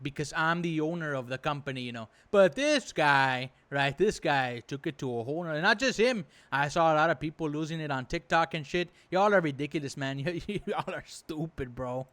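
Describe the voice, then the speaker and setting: A man's voice: a little high, lively intonation, moderate pace, hardly any pauses, fairly bright tone. Exasperated swearing man ranting. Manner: indignant, exasperated, swears freely; rambling with many fillers. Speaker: reaction video host. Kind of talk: profane casual reaction commentary.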